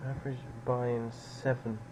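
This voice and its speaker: A man's voice: medium pitch, little pitch movement, measured pace, very noisy. A man streaming live poker, musing over players in a dry, sardonic way.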